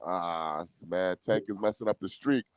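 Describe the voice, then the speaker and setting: A man calling in to a boxing chat, talking in a relaxed way and laughing easily. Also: low-pitched, normal speed, smooth, dry recording, highs cut off. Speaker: guest caller. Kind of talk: casual chat.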